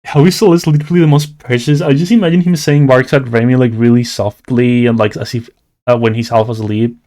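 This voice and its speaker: A man's voice: mid-range voice, steady tone, brisk, warm tone. A young man from Latin America with a Latin American Spanish accent, chatting casually and playfully on a livestream while he draws, rambling with lots of "like". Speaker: streamer and artist.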